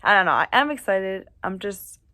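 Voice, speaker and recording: Woman vlogger, casual and jittery, mid-pitched, dry close sound. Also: expressive, moderate pace, bright, forceful tone, dry recording. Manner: chatty, nervous, with fillers and restarts. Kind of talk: casual chat to camera. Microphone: camera mic, reading notes off camera.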